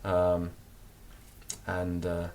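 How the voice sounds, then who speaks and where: A man teaching a recorded grammar lesson, explaining and repeating words slowly so they can be drilled. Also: low voice, monotone, a little mellow, slight background noise. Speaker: language teacher.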